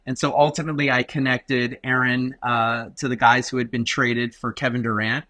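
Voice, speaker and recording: A man from Arizona, a guest lawyer on a podcast, telling an animated story and acting out what people said. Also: medium pitch, normal speed, no echo. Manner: animated storyteller, acts out quoted voices.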